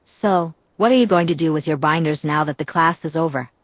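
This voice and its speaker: A woman's voice: low voice, fairly quick, no room sound. Mock-innocent young woman, read by a woman. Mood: teasing. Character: nervous young woman, playing dumb. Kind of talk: audiobook reading.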